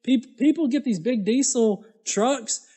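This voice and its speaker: Young guy ranting sarcastically over clips, swears a lot, pretty high pitched. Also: measured pace, warm tone, breathy edge. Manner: sarcastic, heavy swearing, mocking. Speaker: commentary video host. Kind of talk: profane reaction commentary.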